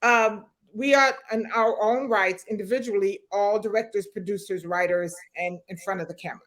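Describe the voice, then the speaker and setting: A woman's voice: medium pitch, steady tone, moderate pace, fairly bright tone. A woman, actress and co-creator, speaking in an interview over a video call, playful but keen to set details straight. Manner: playful, insists on clarifying. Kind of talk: casual interview.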